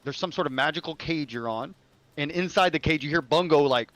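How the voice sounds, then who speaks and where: A man's voice: on the high side, a little fast, a bit bright, no room sound. A man narrating as game master of a tabletop game, talking loosely with many fillers and restarts.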